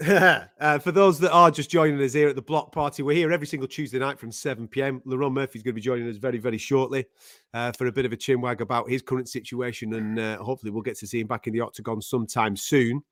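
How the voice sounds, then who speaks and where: A man's voice: mid-range voice, fairly even intonation, fast talker, a bit bright, no room sound, studio quality. A man with a Mancunian accent hosting a live show, talking in casual, laddish banter. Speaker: host.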